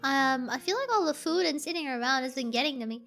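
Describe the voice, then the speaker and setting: Super high-pitched young woman streamer just rambling to chat, lots of likes and giggles, quiet music in the back. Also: lively intonation, quick pace. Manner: rambling, filler-heavy, giggly. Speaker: VTuber streamer. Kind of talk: casual chat with livestream viewers. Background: faint background music.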